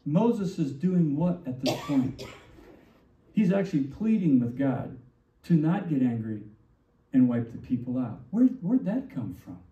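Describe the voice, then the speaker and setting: A man preaching a sermon as pastor, animated and full of rhetorical questions, acting out the lines he quotes. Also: on the high side, a little slow, a little hiss or hum. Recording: distant, roomy, dull church recording.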